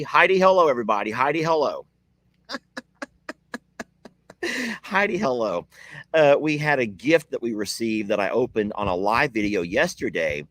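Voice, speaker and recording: A man's voice: medium pitch, a bit bright, no room sound. A man hosting a casual live video from his ranch, chatting with viewers and laughing often. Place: outdoors at a ranch.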